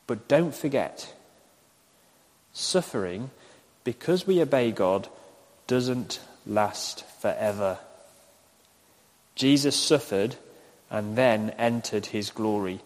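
Man, preacher, measured delivery, long reverb. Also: fairly low pitch, expressive, darkish tone. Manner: measured, repeats questions slowly. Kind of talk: recorded online sermon. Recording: echoey hall with long reverb.

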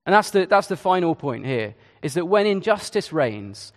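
A man's voice: on the high side, sing-song, moderate pace, hardly any pauses, in a large hall. A man preaching a sermon in a conversational way, with hesitations and asides. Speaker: Church of England preacher.

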